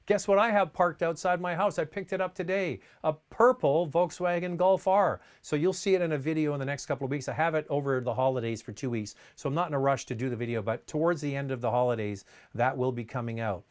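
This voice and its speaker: A man's voice: fairly high pitch, a little fast, hardly any pauses. Chatty man hosting a Q&A. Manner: chatty storyteller with restarts and asides. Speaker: host. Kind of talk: casual Q&A chat.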